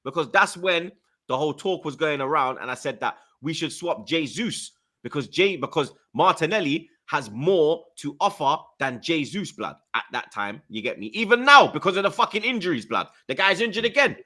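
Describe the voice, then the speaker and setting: A man's voice: on the high side, sing-song, normal speed, bright, forceful tone. A man hosting a heated football panel, emphatic and repetitive, full of slang and swearing.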